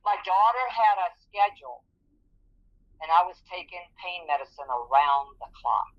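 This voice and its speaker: A woman's voice: fairly low pitch, animated, normal speed. A middle-aged woman, an interview guest, telling her personal story in an earnest, vivid way. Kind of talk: personal testimony in conversation. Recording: dull lo-fi audio.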